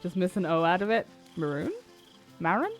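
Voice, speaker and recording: A woman's voice: on the low side, quick pace. A woman streaming a video game, chatting casually, swearing and laughing easily. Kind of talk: casual gameplay commentary. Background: faint game music.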